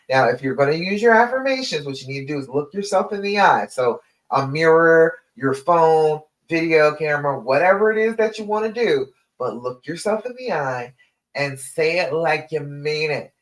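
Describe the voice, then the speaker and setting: A woman's voice: deep voice, poor audio. A woman relationship coach speaking to viewers on a livestream, encouraging them and walking through steps in lists, calling the listener honey. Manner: instructive, repeats steps and lists.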